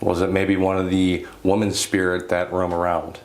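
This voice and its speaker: A man's voice: low-pitched, monotone, moderate pace. A man on a paranormal investigation, talking with his team and calling out questions to spirits inside an old house. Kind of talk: ghost hunt chatter.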